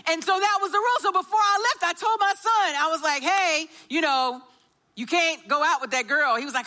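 A woman, preaching a sermon as an animated storyteller who acts out the dialogue. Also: very high voice, quick pace.

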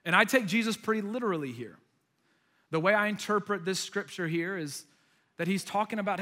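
A young American man preaching a sermon, telling stories with animated delivery and acting out voices. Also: high-pitched, fairly quick. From United States. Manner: animated storytelling, acts out voices. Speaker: pastor.

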